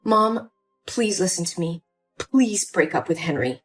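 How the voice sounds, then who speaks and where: A woman's voice: lowish voice, expressive, unhurried, slightly rough, soft background music, voice pushed down. A woman voicing an upset young adult daughter in a dramatized story, pleading and indignant. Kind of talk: scripted story voice acting.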